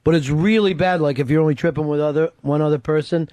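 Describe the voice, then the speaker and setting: Swearing radio host telling wild stories. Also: male voice, fairly high pitch, fast, dry recording. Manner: animated, swears constantly, acts out voices in stories. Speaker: radio talk show host. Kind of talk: profane storytelling chat. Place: radio studio.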